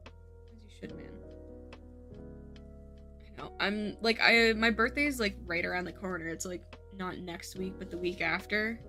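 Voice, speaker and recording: Woman in her late twenties, casual gaming streamer, bright and talkative, laughs easily, swears a lot, faint music behind. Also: mid-range voice, unhurried, long pauses. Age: late 20s. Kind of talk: casual gaming livestream chat. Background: light background music.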